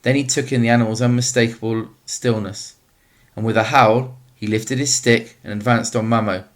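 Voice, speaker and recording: Man reading a novel aloud, steady. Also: medium pitch, moderate pace. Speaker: audiobook narrator.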